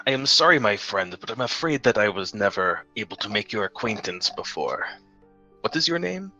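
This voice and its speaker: A man voicing a calm, polite male gunslinger in a tabletop game, speaking courteously with a wry edge. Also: medium pitch, unhurried, dull audio, soft background music, pitched above the performer's own voice.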